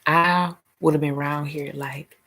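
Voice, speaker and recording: A vlogger and spiritual healer with a Southern US accent chats casually, and profanely, about her spiritual life, laughing and dropping into silly voices. Her voice is deep and a bit bright, with a steady tone and an unhurried delivery.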